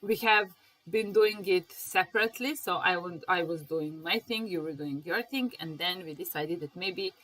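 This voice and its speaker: Patient female teacher, lowish pitch, mic set back a little. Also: a bit bright. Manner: patient, repeats phrases slowly with example dialogues. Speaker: English teacher. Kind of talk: conversational language lesson. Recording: voice a bit far from the mic.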